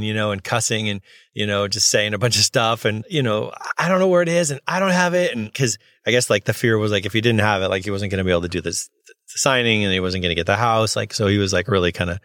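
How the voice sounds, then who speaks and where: A man in his thirties telling a work story as a notary, casual and animated, acting out the voices with lots of fillers and laughs. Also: lowish voice, dry recording, clean studio sound.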